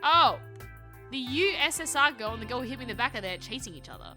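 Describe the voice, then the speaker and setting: A woman streaming a story game live, reading its text aloud and joking with her chat in an animated way. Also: a little high, quick pace, soft background music. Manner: animated, jokey, talks to chat.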